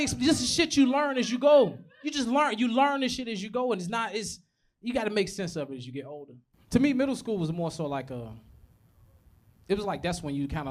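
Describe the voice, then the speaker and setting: Young guy doing standup, cussing a lot, acts out little voices, laughs at his own bits. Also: a little high. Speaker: stand-up comedian. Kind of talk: stand-up comedy set. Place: comedy club stage.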